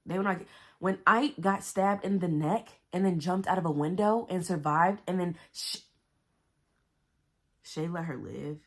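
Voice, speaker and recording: Low-voiced woman ranting about books. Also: a little slow. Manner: animated, blunt and profane, with exaggerated reactions; talks to herself and the viewers with slang. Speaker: book vlogger. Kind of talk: casual book review chat.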